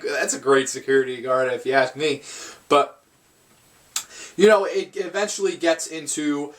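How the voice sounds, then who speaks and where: A man giving a casual, rambling film review, swearing often and restarting his sentences. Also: medium pitch. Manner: rambling, profane, frequent restarts.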